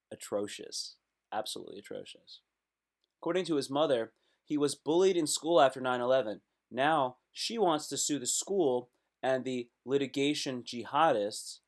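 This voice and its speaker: A man hosting a casual live stream, reacting aloud to web posts in a loose, slangy way. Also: medium pitch.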